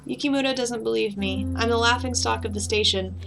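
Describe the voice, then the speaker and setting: A woman's voice: fairly high pitch, a little fast, creaky, low-quality recording. A woman reading the lines of a weary, bitter woman detective in a game, in a sardonic tone over background music.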